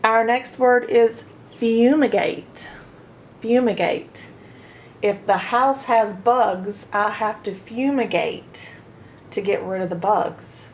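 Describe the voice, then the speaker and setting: A woman teaching a phonics lesson to children, sounding out each word slowly, syllable by syllable. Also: fairly high pitch, a little hiss or hum. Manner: slow, sounding out syllables one by one. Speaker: reading teacher.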